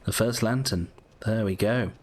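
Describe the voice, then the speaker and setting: Rambling British gamer commentator, lowish voice, faint hum under the track. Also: male voice, normal speed. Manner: chatty, rambling, self-correcting. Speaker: gaming YouTuber. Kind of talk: casual game commentary.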